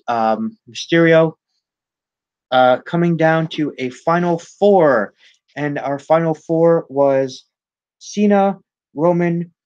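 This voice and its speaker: A man's voice: mid-range voice, no room sound, dull audio. A man hosting a wrestling news show, recapping matches in a rambling casual way with many ums and self-corrections.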